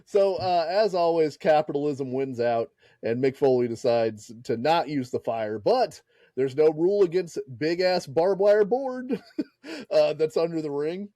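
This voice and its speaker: A man's voice: fairly high pitch, expressive, unhurried, warm tone, dry recording, clean studio sound. A man co-hosting a casual wrestling podcast, joking and laughing often. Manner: laughs often, jokey, acts out voices. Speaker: podcast co-host.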